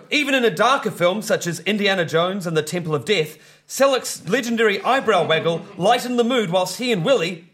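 A man with a high-pitched voice delivers a mock-serious trivia monologue. His deadpan delivery plays each invented fact completely straight. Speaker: panel game contestant.

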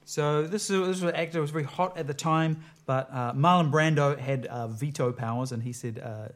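A man's voice: fairly high pitch, brisk. A man hosting a comedy panel game in a loose, filler-heavy, good-humoured way. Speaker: quiz host.

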